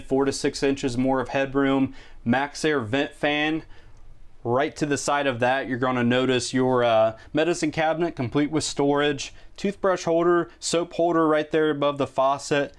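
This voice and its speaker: A salesman giving a walkthrough tour of an RV, listing features briskly with little fillers. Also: medium pitch, clear, resonant tone. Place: inside an RV.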